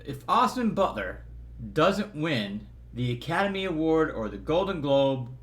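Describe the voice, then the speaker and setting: A man's voice: on the high side, big pitch swings, a little slow. A man giving a casual, rambling movie review from a hotel room, stumbling over words and joking along the way. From Southern California. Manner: rambling, stumbling, jokey, slips into impressions.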